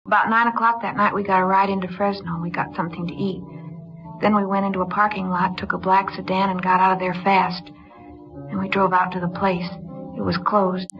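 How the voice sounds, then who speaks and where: An actress narrating as a young woman confessing her story in a 1950s radio drama, quiet and weary. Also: medium pitch, flat delivery, brisk, lightly acted. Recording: dull old radio broadcast with music.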